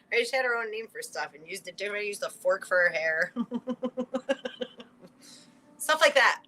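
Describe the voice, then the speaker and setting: A woman giving a spiritual card reading in a casual livestream chat, rambling and animated, full of "like" and quick laughs. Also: medium pitch, a little hiss or hum, poor audio.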